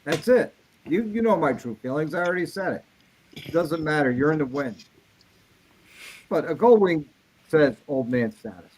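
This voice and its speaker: Man, higher pitch, wry teasing banter. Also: expressive, normal speed, pauses often, a little hiss or hum, low-quality recording. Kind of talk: casual group chat.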